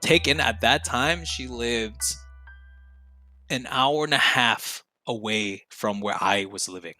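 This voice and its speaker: A young man telling a story from his high school days in a casual podcast chat, swearing often and getting loud when he gets worked up. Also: slow pace, soft background music. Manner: animated, swears often, laughs mid-story. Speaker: podcast guest.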